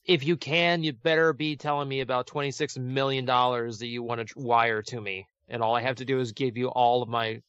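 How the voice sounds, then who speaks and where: Quick, smooth-voiced man joking around. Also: mid-range voice, steady tone, fairly bright tone, dry recording, lo-fi sound. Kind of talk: casual podcast banter.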